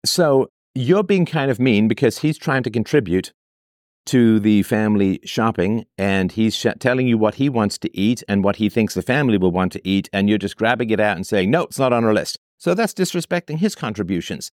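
A man's voice: on the low side, expressive, fairly quick, no room sound. Argumentative man, dry close sound. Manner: argumentative, rhetorical questions, mocking quoted voices. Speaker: host reacting to a listener's letter. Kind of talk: commentary.

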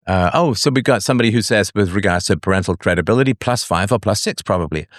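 A man's voice: fairly low pitch, expressive, quick pace, dry recording, clean studio sound. A man hosting a live call-in talk show, musing and chatty, with many fillers and asides. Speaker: show host.

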